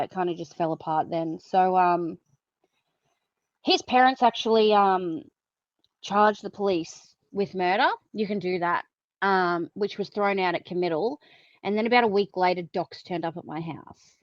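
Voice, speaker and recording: A woman appearing as a podcast guest tells her own story candidly and bluntly, swearing freely and using lots of fillers. Her voice is fairly low and a little slow, and the audio is dull with no room sound.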